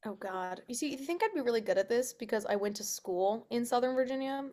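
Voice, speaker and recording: A woman's voice: fairly high pitch, lively intonation, a little fast, mellow. A young adult woman, an actress being interviewed, chatting casually with lots of laughter, a loose "like" habit and the odd swear word. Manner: chatty, laughs often, swears, says "like" a lot. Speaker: actress guest.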